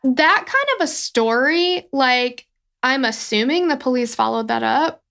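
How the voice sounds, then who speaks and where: A woman's voice: sits high, expressive, unhurried, gravelly, bright, forceful tone. A woman co-hosting a true-crime podcast, chatting casually and rambling with lots of fillers. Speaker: podcast co-host.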